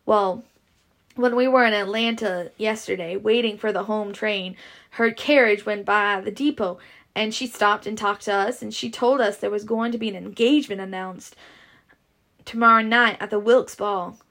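A woman's voice: medium pitch, steady tone, moderate pace, fairly bright tone, lightly acted. A woman reading a story aloud and voicing eager young male twin suitors in a boyish, pleading manner.

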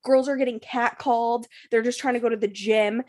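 A young woman with a slightly high voice rattles through a story in casual podcast chat. She swears constantly and packs "like" into nearly every phrase. She tells it as a run of breathless, jumbled clauses. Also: fairly even intonation, fairly quick, a little mellow. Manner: profane, breathless storytelling full of "like" fillers.

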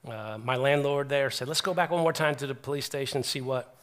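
A middle-aged man preaching a sermon, earnest and animated, with frequent restarts as he retells stories. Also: mid-range voice, brisk.

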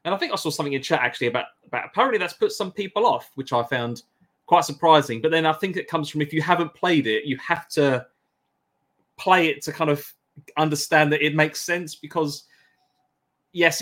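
A man's voice: medium pitch, a bit bright. A man co-hosting a casual chat about a game, rambling and reading out chat comments. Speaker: podcast co-host.

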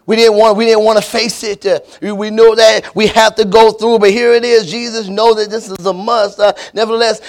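High-pitched guy preaching a sermon, lots of uh's, asks the church for amens. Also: little pitch movement, brisk, few pauses. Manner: preaching with many fillers and call-and-response to the church; prays with repeated invocations. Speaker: pastor.

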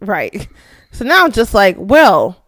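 A young woman hosting a casual recap show, excitable, laughing often and swearing freely. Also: fairly high pitch, slow, no room sound. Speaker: podcast host.

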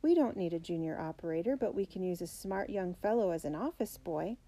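A kindly male manager speaks in an encouraging way, voiced by a woman reading aloud. His tone is mellow. He belongs to a read-aloud storybook. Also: lowish voice, expressive, brisk.

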